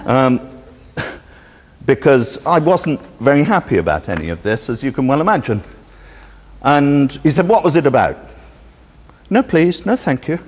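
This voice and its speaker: Sardonic man, lively voice, echoing hall. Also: mid-range voice, a little slow, pauses often, slightly rough. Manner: sardonic, indignant storytelling that acts out both sides of a dialogue. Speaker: speaker at a public presentation. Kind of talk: anecdotal public talk. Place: meeting hall. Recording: reverberant hall recording.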